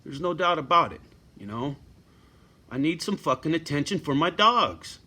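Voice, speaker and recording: A man's voice: fairly high pitch, big pitch swings, moderate pace, bright, forceful tone. A middle-aged man ranting bluntly to his viewers in a profane, surly home vlog. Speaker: vlogger. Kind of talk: profane rant to camera.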